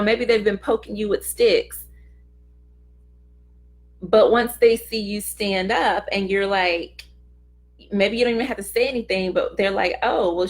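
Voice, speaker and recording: A middle-aged woman hosting a casual motivational talk, speaking earnestly and conversationally and acting out short quoted remarks. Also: mid-range voice. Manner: earnest, conversational, acts out little quoted voices. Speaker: host of a self-help talk.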